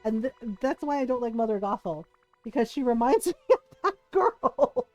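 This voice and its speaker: A middle-aged woman streamer tells a personal story in a casual, animated way. Her voice sits high, and she laughs often as she plays out the other people's lines. Faint game music plays underneath. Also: moderate pace, no room sound, poor audio. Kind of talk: casual storytelling while gaming.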